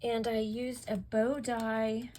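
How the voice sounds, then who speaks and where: A woman's voice: a little high, level tone, slow pace, darkish tone, rough recording. A woman hosting a craft video, walking through her projects step by step and gushing over how cute each one turned out. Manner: gushing, keeps asking if it's cute. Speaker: craft channel host. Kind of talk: craft project show-and-tell.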